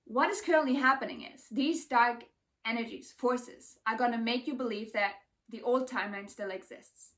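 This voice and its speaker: A woman vlogger with a fairly high voice talks about spiritual things in a casual, emphatic way. She sounds intense and fills her sentences with "like". Her voice comes from a little way off the mic. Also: moderate pace, fairly bright tone, far from the mic. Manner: emphatic, intense, heavy use of "like". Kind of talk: casual spiritual vlog talk.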